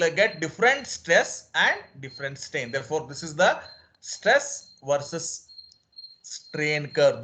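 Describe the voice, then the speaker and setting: Lively-pitched male lecturer. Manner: repetitive step-by-step explaining, frequent "okay". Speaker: physics lecturer. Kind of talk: online classroom lecture.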